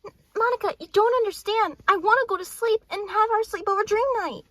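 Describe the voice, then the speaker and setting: A woman voicing anime schoolgirls at a sleepover in a plush toy video, with excitable, quick back-and-forth chatter. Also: very high voice, dry recording. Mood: lively.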